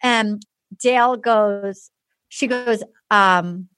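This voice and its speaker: A woman's voice: mid-range voice, extremely slow, a bit bright, clean tone, no echo. A woman podcast host recapping in casual chat, telling the story with animation and acting out quotes, with lots of "like".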